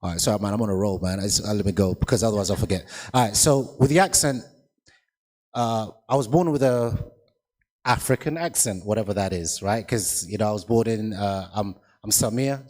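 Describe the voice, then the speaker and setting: A man's voice: lowish voice, a little fast, a little mellow. A man speaking on a festival panel, emphatic, often repeating words and checking whether the audience follows. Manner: emphatic, repeats words, asks "does that make sense?". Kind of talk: panel discussion talk. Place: festival hall. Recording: long hall reverb.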